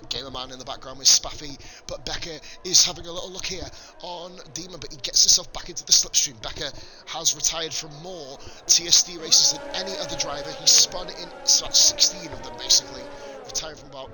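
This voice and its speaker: A man calls a sim-racing league live on his stream, chatty and sweary, answering his viewers as he goes. His voice sits a bit high and swings widely, jumping into excited yells when the racing heats up. Game music plays clearly behind him.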